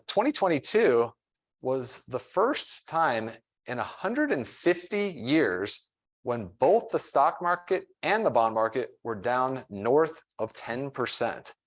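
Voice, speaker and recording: Male presenter, mid-pitched, plain-spoken seminar explainer with casual fillers. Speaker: financial advisor presenting a fund.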